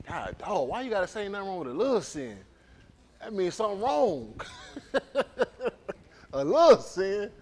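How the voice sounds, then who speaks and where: Brief: man, congregation leader, lively joking storyteller, bouncy melody. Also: high-pitched, unhurried, long pauses, a little hiss or hum. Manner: teasing, storytelling, animated. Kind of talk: casual joking banter before a service. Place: indoor congregation hall.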